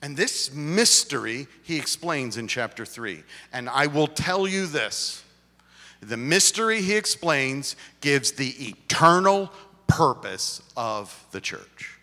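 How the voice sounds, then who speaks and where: A man preaching a sermon in a church, his delivery swinging from loud emphasis to a near-whisper. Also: fairly high pitch, very animated, slow pace. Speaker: pastor. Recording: reverberant hall.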